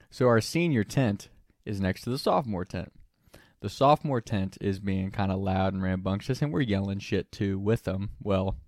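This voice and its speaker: Low-voiced young man telling a story. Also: a little mellow, no room sound, studio quality. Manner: laughs often while telling, swears casually. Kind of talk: casual anecdote telling.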